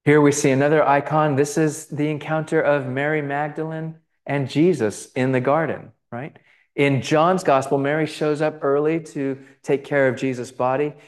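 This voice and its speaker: A man's voice: a little high, fairly even intonation, normal speed. A man giving a conversational lecture on gospel icons, full of fillers, restarts and asides. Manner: conversational, many fillers and restarts, checks in with "right?". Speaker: Bible teacher.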